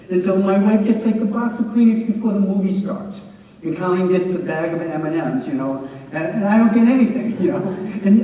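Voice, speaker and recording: A man's voice: on the high side, mellow, recorded from a distance. A middle-aged man gives a chatty talk to students, telling anecdotes with frequent "you know" fillers. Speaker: presenter. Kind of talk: lecture to students. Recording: echoey hall heard from afar.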